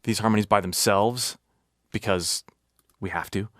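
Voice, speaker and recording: A man's voice: lowish voice, steady tone, a little slow, heavy background noise. A man hosting a casual music breakdown, talking enthusiastically and analytically over the song he is playing. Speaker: music reaction host.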